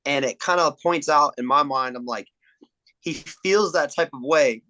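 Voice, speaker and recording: This young man has a fairly high-pitched voice and talks at a normal speed, though the audio is poor. As a guest on a podcast, he relives movie scenes in a relaxed chat, animatedly acting out lines and swearing heavily.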